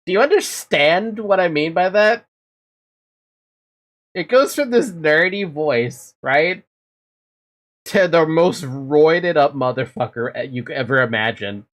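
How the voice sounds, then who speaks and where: A woman streamer giving casual reaction commentary, animated and laughing, with plenty of swearing. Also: sits low, takes it slowly, long pauses.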